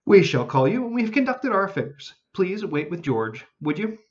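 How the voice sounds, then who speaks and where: A tiny, formal gingerbread man, as a man reading aloud puts him on speaks with courteous, old-fashioned politeness. The voice sits a little higher than the reader's own and moves lively in pitch. The recording sounds slightly muffled. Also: moderate pace.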